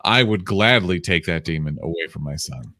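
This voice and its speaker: Low-voiced man teasing his co-host. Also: animated, normal speed, pushed and bright, no echo. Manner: profane, teasing, mock-tough. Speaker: podcast co-host. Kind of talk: casual podcast chat.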